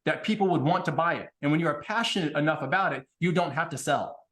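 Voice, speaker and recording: A man in casual podcast conversation, blunt and animated, swearing freely as he tells stories. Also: on the high side, quick pace. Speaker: podcast guest.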